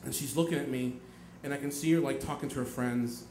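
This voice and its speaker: A young man telling a personal story on stage, animated, swearing and acting out his own outbursts. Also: mid-range voice, a little fast, a little hiss or hum. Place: theater stage. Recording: echoey stage with faint audience ambience.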